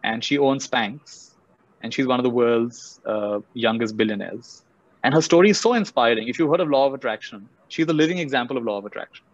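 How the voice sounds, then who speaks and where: A man with an Indian English accent giving an animated motivational talk, telling stories and acting out characters. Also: mid-range voice, fairly quick, no room sound. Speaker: speaker. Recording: dull muffled audio.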